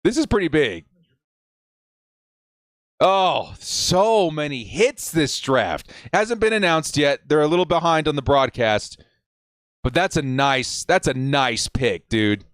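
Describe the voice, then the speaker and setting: A young adult man hosting a live fan watch party stream, excitedly shouting reactions and reading chat messages aloud. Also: on the high side, slow pace, no echo, studio quality.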